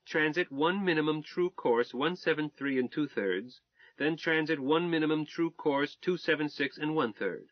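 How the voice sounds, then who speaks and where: A man's voice: a little high, normal speed, no echo, voice pushed up, natural voice. A man reading a math-minded young wife in an audiobook, earnest and precise as she recites calculations, on a dull, dry recording.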